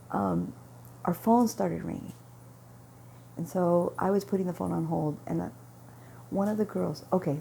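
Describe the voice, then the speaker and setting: A woman with a low, heavily gravelly voice and a dark, mellow tone tells a casual vlog story. She rambles, backtracks and corrects herself as she goes. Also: slight background noise. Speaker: vlogger. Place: at home with her dog nearby.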